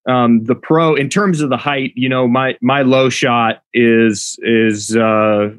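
A man with a mid-pitched voice speaks in a dry, close podcast recording with no room sound. He is the show's producer, working through launch and spin numbers in an analytical, conversational way. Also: steady tone, slow pace, clear, resonant tone, no room sound. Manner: analytical, reading out club data. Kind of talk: casual podcast discussion.

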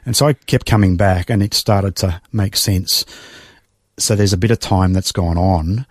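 Man, middle-aged, emotional reflective storyteller, halting restarts, lowish voice, dry close sound. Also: no room sound. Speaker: guest. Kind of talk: personal testimony in conversation.

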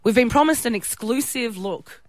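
An Australian woman co-hosting a breakfast radio show, bubbly and quick to laugh in easy banter. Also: fairly high pitch, a little mellow, no room sound. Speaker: radio co-host.

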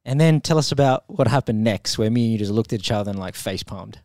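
Quick-talking guy chiming in, dry close mic. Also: on the low side, lively intonation, darkish tone, no room sound. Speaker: podcast co-host. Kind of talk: casual chat.

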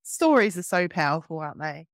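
A woman hosting a podcast, encouraging and affirming as she asks her guest questions. Her voice sits on the lower side. The recording is dry and close. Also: very animated, fairly quick, no room sound. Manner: warm, affirming interviewer. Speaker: podcast host. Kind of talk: conversational interview.

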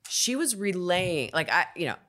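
A woman who is an actor and a podcast guest, telling stories in a casual, animated way and acting out the lines she quotes. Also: on the low side, moderate pace. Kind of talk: casual storytelling.

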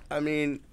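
A man's voice: a little high, smooth. A man co-hosting a sports radio show, teasing the others and laughing often. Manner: teasing, laughing, very lively delivery. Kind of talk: casual sports banter.

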